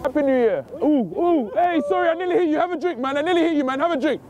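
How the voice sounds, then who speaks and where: A young man with a London accent, hosting a street prank video, loud and pushy with slang-heavy party hype, recorded outdoors on a city street. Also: extremely high pitch, quick pace. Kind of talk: hyped street prank banter. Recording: dull lo-fi street recording, faint traffic.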